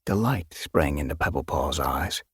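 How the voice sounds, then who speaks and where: A man reads an audiobook with steady, measured storytelling. His voice is deep and slightly husky. The recording is dry and close, with no room sound. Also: dry recording. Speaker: audiobook narrator. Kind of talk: scripted narration.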